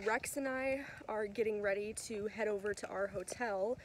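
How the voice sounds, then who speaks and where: A woman's voice: medium pitch, moderate pace, few pauses, a little hiss or hum. A young woman filming a casual travel vlog, chatty and tired, swearing freely. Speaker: vlogger. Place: in a car and at a horse stable.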